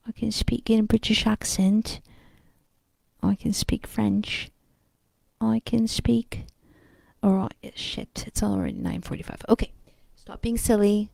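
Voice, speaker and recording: A woman's voice: medium pitch, vocal fry, mellow, dry recording. A woman vlogger chatting casually, rambling and blunt, swearing freely and drifting into asides. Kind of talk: casual chat.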